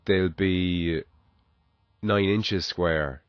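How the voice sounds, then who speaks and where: A man's voice: deep voice, extremely slow, smooth, no room sound. A man in a casual podcast chat who swears freely and explains things with examples. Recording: dull, dry sound.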